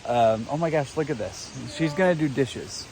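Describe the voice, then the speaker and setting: A man's voice: medium pitch, lively intonation, normal speed, a little mellow, poor audio. A man casually vlogging to a handheld camera at a damp outdoor campsite, chatty and tired from hiking. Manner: chatty, upbeat, laughs easily. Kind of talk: casual trail vlog to camera.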